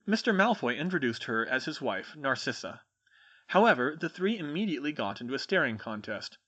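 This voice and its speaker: Lively male storybook narrator. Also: mid-range voice, a little fast, dull audio. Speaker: audiobook reader. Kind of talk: reading fan fiction aloud.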